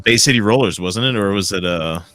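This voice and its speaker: A man guest on a casual live-stream chat, blunt and swearing, quick to laugh. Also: on the low side, noisy background.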